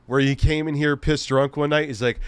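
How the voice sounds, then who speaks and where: A man's voice: fairly high pitch, steady tone, a little fast, smooth, dry recording. A man hosting a casual livestream, reading chat and ranting sarcastically with lots of swearing. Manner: profane, sarcastic ranting with frequent laughs. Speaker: streamer host.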